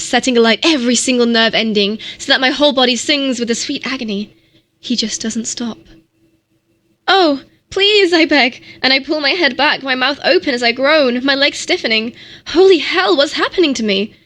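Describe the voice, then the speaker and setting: A woman's voice: fairly high pitch, brisk, bright, forceful tone. A woman streamer reading a novel aloud in a mock-dramatic style, sometimes stumbling over words.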